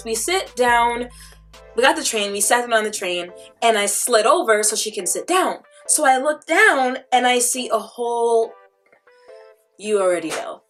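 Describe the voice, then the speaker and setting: Animated young-sounding woman telling a story. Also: fairly high pitch. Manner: chatty, filler-heavy. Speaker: vlogger. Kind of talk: casual storytime vlog.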